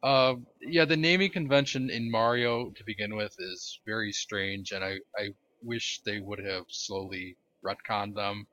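A man's voice: lowish voice, a little slow, few pauses, bright, forceful tone. A man co-hosting a podcast in casual chat, grumbling, opinionated and sarcastic. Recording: dull lo-fi podcast audio.

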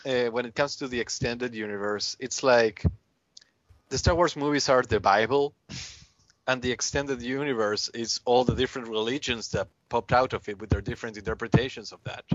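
A man who is a guest on a podcast, explaining things in a rambling, halting way in casual chat. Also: medium pitch, a bit bright, dry recording. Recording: dry, dull lo-fi podcast audio.

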